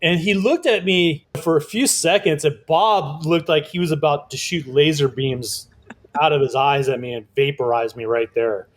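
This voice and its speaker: A man telling a lively story as a guest in an interview, casual and swearing often, acting out other people's voices. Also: on the high side, moderate pace. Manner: animated, swearing, acts out quoted voices. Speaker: guest artist.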